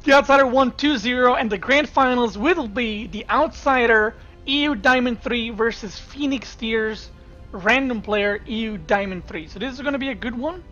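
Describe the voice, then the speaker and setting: Chatty higher-voiced woman casting games. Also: normal speed, fairly bright tone, muffled recording, faint music behind. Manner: chatty, talks straight to her viewers. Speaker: streamer and caster. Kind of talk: casual esports commentary.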